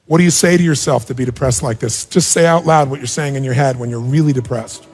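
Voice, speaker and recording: A man coaching a participant on stage at a live seminar, firing rapid, blunt and sometimes profane questions at her and the crowd. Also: medium pitch, a little mellow, husky, faint music behind. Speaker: self-help speaker coaching a participant on stage. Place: large auditorium. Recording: long reverb of a big hall.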